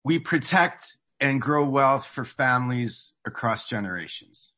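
A man on a team reciting a sales pitch from memory in a measured way. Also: animated, bright, forceful tone, a little hiss or hum. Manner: slow, measured delivery. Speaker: team member.

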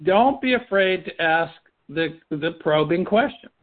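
A man's voice: sits high, lively intonation, a little slow. Man coaching a team over a phone line. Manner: repetitive restarts, rhetorical questions. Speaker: firm leader running a team meeting. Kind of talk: coaching talk in a business meeting. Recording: tinny phone-line sound.

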